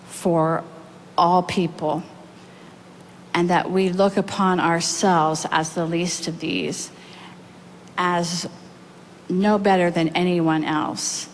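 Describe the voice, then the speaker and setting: A woman pastor preaching a sermon, telling a story earnestly and reading passages aloud with pauses. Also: fairly low pitch, slight background noise, low-quality recording.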